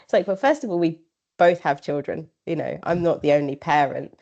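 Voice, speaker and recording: A woman's voice: low voice, animated, fairly quick, gravelly, a little mellow. Chatty woman runner on a lo-fi line. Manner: chatty, acts out quoted exchanges, laughs often. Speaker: ultrarunner guest. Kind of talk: casual podcast chat.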